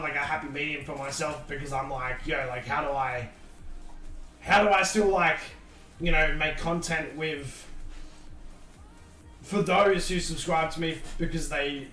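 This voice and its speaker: Recorded from a distance in an echoey room with faint background noise, this man's slightly high voice sounds pushed and bright. He's hosting a casual livestream podcast, rambling as he thinks out loud and restarting his sentences often.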